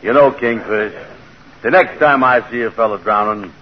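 A man playing a slow-witted, good-natured sidekick in a 1940s radio sitcom, with a dim deadpan drawl. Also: mid-range voice, highs cut off, natural voice. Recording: very hissy old radio recording.

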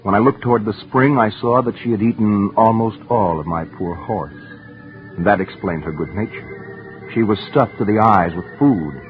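A man giving earnest, intense first-person dramatic narration for a radio story, sometimes dropping to hushed tones. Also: lowish voice, moderate pace. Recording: tinny old radio broadcast with faint music.

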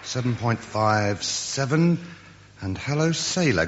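A man's voice: medium pitch, animated, unhurried, sharp tone, muffled recording, a little hiss or hum. A man performing radio sketch comedy with brash, barking delivery.

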